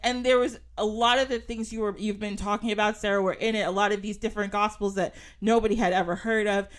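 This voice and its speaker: A woman's voice: medium pitch, fast talker. A woman hosting a podcast in casual chat, telling stories loosely with frequent laughter and casual swearing. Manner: laughs often, swears casually, animated storytelling. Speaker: podcast host.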